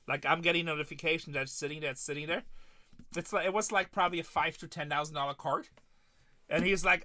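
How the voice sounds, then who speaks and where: A man's voice: on the high side, brisk, sharp tone. A man hosting a live card-break stream, chatting casually and retelling stories of his conversations with customers.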